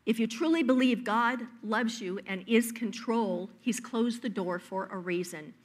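Woman preaching a lively story-filled sermon. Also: fairly high pitch, measured pace, slightly rough.

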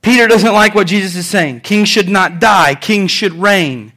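A pastor preaching a sermon, animated and joking, acting out quotes as he goes. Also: sits high, a little slow.

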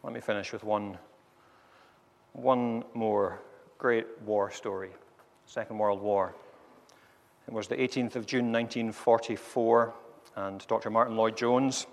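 A man's voice: lowish voice, steady tone, measured pace, vocal fry, pauses often. A man preaching a sermon to a congregation in earnest, varied tones, moving from story to prayer. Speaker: pastor. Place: church. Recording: long reverb of a large hall.

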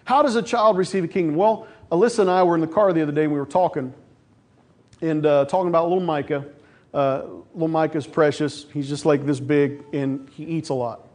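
A man's voice: fairly high pitch, fairly quick. A middle-aged male pastor preaching a sermon, telling stories and acting out voices along the way. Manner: storytelling, animated, acts out quoted voices.

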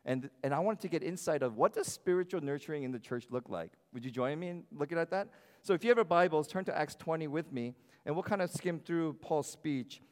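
A man preaching a sermon as pastor, animated and shifting his loudness, often acting out the voices of others. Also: fairly high pitch, fairly quick, long reverb tail. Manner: animated, varies loudness, acts out quoted voices. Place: church sanctuary.

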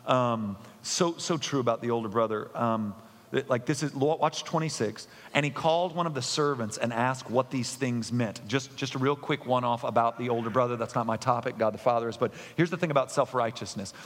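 A man preaching a sermon, emphatic, with loud excited bursts and quiet earnest asides. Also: mid-range voice. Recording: long reverb of a large hall.

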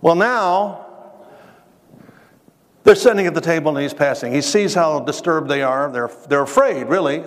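A man preaching to his congregation in a church, mixing scripture with a personal story, asking the listeners questions and repeating words as he builds to his points. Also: on the high side. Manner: conversational, addresses the congregation directly with questions; restarts phrases, dramatic pauses. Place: church sanctuary. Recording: reverberant hall sound.

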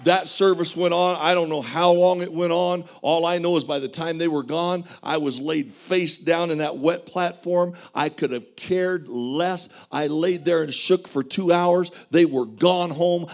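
Impassioned preacher, a man with higher pitch. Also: moderate pace, creaky, hardly any pauses, a little mellow. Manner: vivid testimony storytelling with earnest, impassioned preaching. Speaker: pastor. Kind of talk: sermon.

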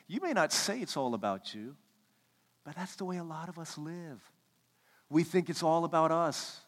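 A fairly high-voiced man in his thirties delivers a sermon with animated storytelling, slipping into little voices for the people he quotes. The sound carries a long hall reverb, as in a church sanctuary. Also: normal speed. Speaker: pastor.

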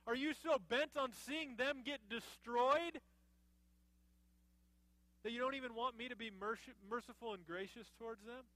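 A man's voice: extremely high pitch, unhurried, long pauses, dry recording, heavily acted. A man preaching a sermon, voicing God as a patient, merciful questioner. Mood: patient questioning. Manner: gently probing, questioning.

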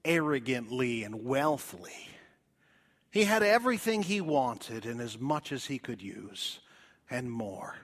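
A male preacher giving a dramatic evangelistic sermon in a church, swinging from loud appeals to hushed whispers. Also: mid-range voice, very animated, measured pace.

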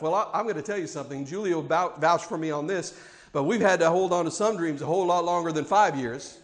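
A man's voice: a little high, fast. A male pastor delivering a sermon in an emphatic, repetitive preaching cadence.

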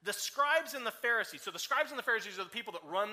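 A man preaches a sermon with energy and a chatty, questioning delivery. His voice sits high and sounds piercingly bright. The recording carries the long reverb of a church hall. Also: racing. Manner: energetic, conversational with rhetorical questions. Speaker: guest preacher.

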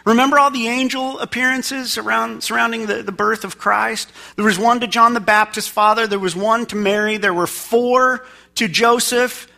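A man preaching a sermon as pastor, conversational, dropping to a hush and rising to loud pleading. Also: high-pitched.

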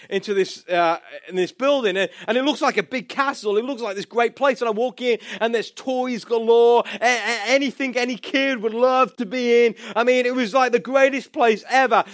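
A man preaching a sermon through a personal story, animated, with many restarts and fillers. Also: high voice, no echo, clean studio sound.

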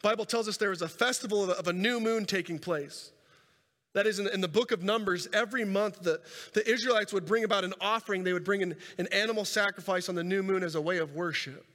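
A man preaching a sermon and telling a scripture story with animated delivery, swinging between loud and soft and repeating words as he goes. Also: high voice. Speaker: pastor. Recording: reverberant hall sound.

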